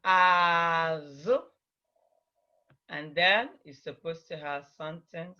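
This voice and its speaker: High-voiced, slow-talking male teacher on a dull video call. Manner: patient, repeats words slowly for students to copy. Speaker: language teacher. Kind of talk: online language lesson.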